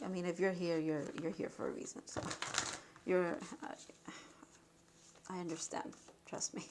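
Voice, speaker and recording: A woman giving an intuitive spiritual card reading, emotional and halting, with sighs and restarts. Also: lowish voice, steady tone, darkish tone, slight background noise.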